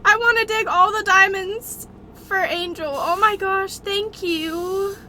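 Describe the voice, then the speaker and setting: A woman's voice: very high voice, fairly even intonation, takes it slowly, sharp tone, slight background noise. A young woman streamer thanking her viewers, crying and effusive. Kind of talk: live stream chat.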